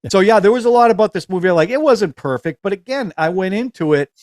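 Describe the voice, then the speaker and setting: A man with a fairly high voice chats easily on a film podcast, often repeating himself as he goes. The recording is dry and close. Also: expressive, fast talker, darkish tone, no echo. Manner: easygoing, hesitant with repeats. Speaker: podcast co-host reviewing films. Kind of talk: casual chat.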